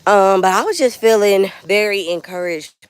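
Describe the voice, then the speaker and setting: A woman's voice: medium pitch, normal speed, smooth, no echo. A woman giving an earnest, heartfelt live vlog as she walks through a rural backyard field, speaking straight to her viewers. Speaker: vlogger. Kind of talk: casual motivational live vlog.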